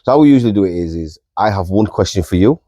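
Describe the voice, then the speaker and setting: A man hosting a casual podcast in a relaxed, easygoing way. His voice is low and mellow, and he sounds close and dry. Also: racing, no room sound. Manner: easygoing, friendly, chuckles between questions. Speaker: podcast host.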